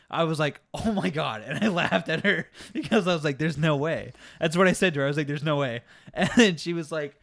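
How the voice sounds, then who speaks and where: A young man co-hosting a casual podcast, telling a work story in a profane, exasperated, animated way. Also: medium pitch, no room sound, studio quality. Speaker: podcast co-host.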